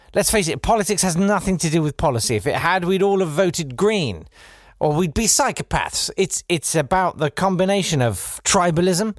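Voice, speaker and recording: Sardonic man, lively delivery. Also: high-pitched, no room sound, studio quality. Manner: sardonic, swinging from loud to quiet for effect. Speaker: comedy podcast host. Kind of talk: satirical comedy monologue.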